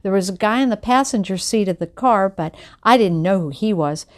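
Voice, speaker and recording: A woman reading a children's novel aloud at home, chatting between chapters and giving the characters animated voices. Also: mid-range voice, fairly quick. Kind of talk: casual read-aloud of a book. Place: home at night.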